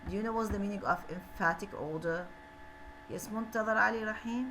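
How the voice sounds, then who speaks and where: A woman's voice: medium pitch, quick pace, background noise. A woman with an Iraqi Arabic accent lecturing an English class, switching between English and Arabic and repeating questions to her students. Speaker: university English teacher.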